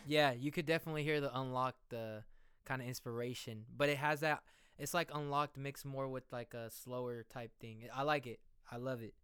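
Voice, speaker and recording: A man reacting to a new song in a casual, excitable, slangy way, thinking out loud as he listens. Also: mid-range voice, normal speed, clean tone, no room sound, clean studio sound. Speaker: music reaction vlogger. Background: music playing.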